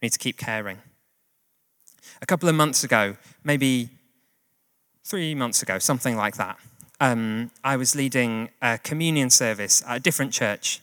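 Male preacher, chatty sermon delivery, mid pitch, long hall reverb. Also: normal speed, a bit bright. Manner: conversational, plain-spoken, with fillers and asides.

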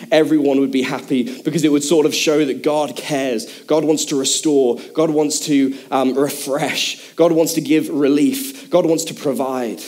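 A man's voice: on the high side, darkish tone. A man preaching a sermon in a casual, chatty way with many fillers, speaking to a congregation in a church hall.

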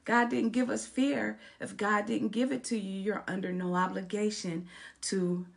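Woman preaching, unhurried delivery, dramatic storytelling, rises and falls in volume. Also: level tone, gravelly. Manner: dramatic storytelling preacher with big swings in loudness and pitch. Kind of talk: sermon.

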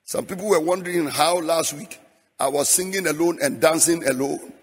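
A man's voice: fairly high pitch, moderate pace, husky. A middle-aged man preaching a sermon in a rhythmic, half-sung style. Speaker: pastor. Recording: long hall reverb, faint music behind.

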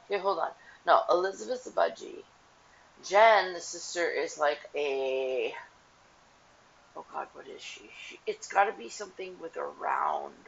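Brief: woman host, rambling gossip chat at home, lively swinging voice, dull lo-fi recording. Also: low-pitched, unhurried, creaky, slight background noise. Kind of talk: casual unscripted chat.

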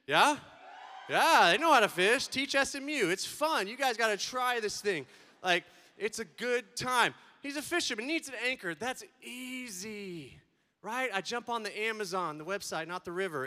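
High bright-voiced man, hall reverb. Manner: animated, playful, swings loud and soft. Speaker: speaker addressing students. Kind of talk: comedic keynote talk. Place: large event hall.

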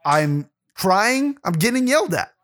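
Guy cohost, kinda high voice, rambly and sweary, just chatting. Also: big pitch swings, measured pace, a bit bright. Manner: rambling, profane storytelling with frequent restarts. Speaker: podcast co-host. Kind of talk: casual chat.

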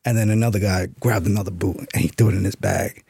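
A man's voice: lowish voice, fairly even intonation, quick pace, vocal fry, warm tone, husky, no echo, clean studio sound. A man being interviewed on a podcast, telling a story in a laid-back way and swearing casually. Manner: laid-back, profane, full of "you know what I'm saying". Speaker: podcast guest, author and Army veteran.

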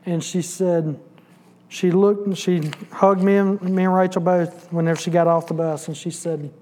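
High-voiced man telling a church story. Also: steady tone, normal speed, a little mellow. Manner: storytelling, acting out dialogue. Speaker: church bus ministry volunteer giving testimony. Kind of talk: sermon testimony.

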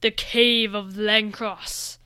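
A woman voicing an evil male black dragon who speaks loudly and slowly with menace. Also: mid-range voice, level tone, clean tone. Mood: cold.

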